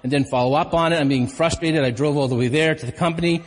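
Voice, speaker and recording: A middle-aged man gives a sermon as pastor, telling everyday stories with candid, self-deprecating honesty. His voice sits a little higher than most men's. It rings out with a long reverb, as in a church hall. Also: steady tone, fast talker.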